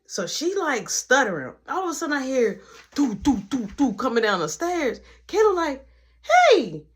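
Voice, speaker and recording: A young man telling a casual storytime, animated and acting out every quote, sometimes dropping to a hushed voice. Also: very high voice, moderate pace. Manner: drops to a hushed voice for tender moments.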